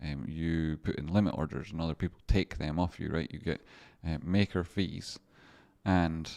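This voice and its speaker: Brief: male streamer and trader with a low voice, loose and chatty, swears freely, laughs a lot between points. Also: steady tone, normal speed, vocal fry, a little mellow. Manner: rambling, swearing, laughs often. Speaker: livestream stock trader. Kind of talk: casual livestream commentary.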